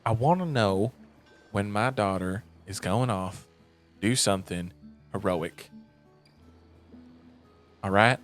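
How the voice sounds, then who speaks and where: A man voicing a gentle but firm older mother in a tabletop game, speaking softly and tenderly. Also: fairly low pitch, very animated, measured pace, soft background music.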